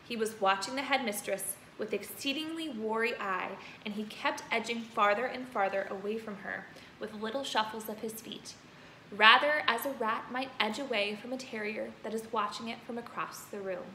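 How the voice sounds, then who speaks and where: A woman teacher reading a children's book aloud, pausing to point out the pictures. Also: fairly high pitch, bright, forceful tone. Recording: roomy echo, faint noise.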